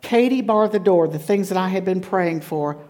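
A woman giving a personal testimony sermon as a guest speaker at a church conference, telling her story in an animated way and laughing often. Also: on the low side, normal speed.

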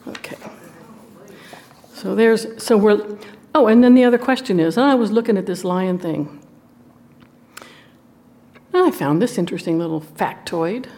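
A woman with a Southern US accent teaching a women's Bible study, folksy and playful, reading scripture slowly. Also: mid-range voice, dark tone. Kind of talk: Bible teaching to a live group.

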